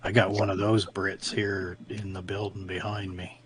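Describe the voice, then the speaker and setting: A man's voice: sits low, flat delivery, normal speed, husky. A man rambling through stories in a casual group chat.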